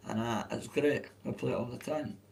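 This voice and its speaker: A hoarse adult man with a Dundee Scottish accent, chatting on a livestream in a rambling, sweary way. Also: mid-range voice, steady tone, moderate pace, a loud crowd, rough recording. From Dundee, Scotland. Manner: swears freely, restarts often. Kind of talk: rambling casual livestream chat.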